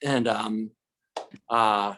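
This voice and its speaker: A man's voice: on the low side, fairly even intonation, extremely slow, sharp tone, a little hiss or hum. A middle-aged man telling a casual, rambling story with many fillers and self-corrections, host of a live talk stream.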